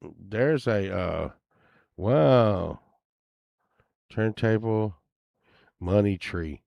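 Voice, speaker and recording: A man's voice: fairly low pitch, lively intonation, takes it slowly, creaky, a little mellow, dry recording, studio quality. A man rambling casually as he browses items online, grumbling and swearing now and then. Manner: meandering, grumbling asides, occasional swearing. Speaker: vlogger.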